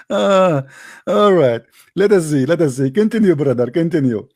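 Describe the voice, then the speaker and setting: Guy ranting over a debate clip, kinda high voice, mocking, laughs a lot, broken english, dry close mic. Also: expressive, moderate pace, a little mellow, dry recording. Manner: mocking, combative, laughs often; non-native English grammar. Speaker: commentator reacting to a debate clip. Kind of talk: casual reaction commentary.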